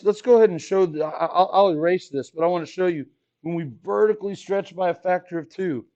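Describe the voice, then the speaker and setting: A man teaching a math class in a relaxed, joking way, often asking students questions as he works through problems. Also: on the high side. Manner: casual, jokey, asks the class questions. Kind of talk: classroom lesson. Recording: dull lo-fi classroom recording.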